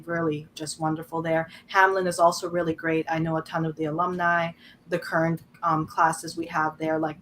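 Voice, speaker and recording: A woman's voice: low-pitched, a little hiss or hum. A woman author chatting on a video call, telling stories with lots of "um" and "like". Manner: lively, chatty storytelling, many fillers. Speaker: guest author. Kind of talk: casual panel chat.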